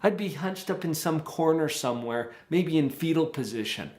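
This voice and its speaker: A man hosting a show, giving an animated motivational talk and acting out quoted voices. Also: on the high side, normal speed. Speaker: show host. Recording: echoey room.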